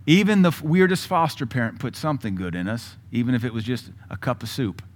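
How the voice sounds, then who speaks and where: A man's voice: medium pitch, fast talker. Blunt, combative male preacher. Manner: blunt, combative preaching with sudden loud bursts and asides; mocking mimicry of other voices. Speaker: pastor. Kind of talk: sermon.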